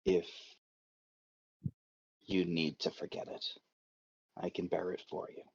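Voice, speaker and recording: A man voicing a steady, protective male companion in a tabletop game, speaking very quietly. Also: deep voice, normal speed, vocal fry, slightly rough, exaggerated voice. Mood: gentle, quiet. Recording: dull lo-fi audio.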